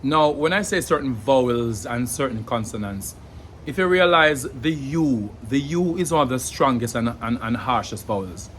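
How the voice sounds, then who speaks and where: A Jamaican man giving an earnest spoken explanation, pausing often to search for words and sounding out examples. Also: mid-range voice, animated, a bit bright, a little hiss or hum. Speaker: language educator. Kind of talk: explanatory monologue.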